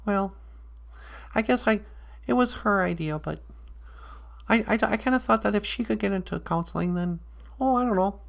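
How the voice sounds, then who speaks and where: A woman's voice: medium pitch, normal speed, gravelly, long pauses, natural voice. A woman voicing a nervous, hesitant male frog puppet who calls in to a live show, stammering and timid. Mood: sheepish. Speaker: caller.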